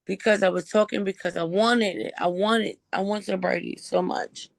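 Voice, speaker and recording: A woman calling into a sobriety call with a hoarse, strained voice, speaking frankly and earnestly. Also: medium pitch, fairly even intonation, moderate pace. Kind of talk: candid personal sharing.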